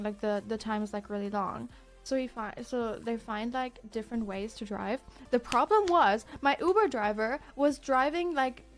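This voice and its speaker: This is a young woman from Germany with a German accent, streaming, who recounts a story to her chat in a casual, animated way. Her voice sits a little high, and she acts out quotes and swears freely. Faint music plays behind her.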